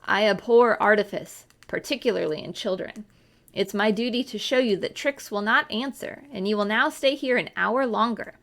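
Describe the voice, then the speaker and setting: A woman's voice: mid-range voice, moderate pace, gravelly, fairly bright tone. A woman reading aloud and voicing a stern, cold older aunt who gives severe commands.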